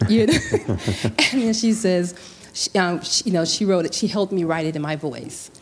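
A woman's voice: on the low side, animated, moderate pace. A woman from Central California earnestly telling a family story in a casual discussion, with restarts and quoted dialogue.

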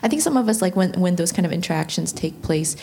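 Gravelly woman speaking reflectively. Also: on the low side, expressive, fast talker, a little mellow, a little hiss or hum. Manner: reflective, many "you know" fillers, quotes others' thoughts. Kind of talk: casual discussion.

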